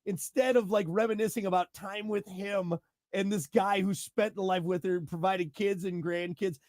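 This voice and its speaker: A man hosting a casual podcast chat. He is animated, laughs often and trails off mid-sentence. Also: sits high, normal speed, no room sound, studio quality. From grew up on a farm. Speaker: show host.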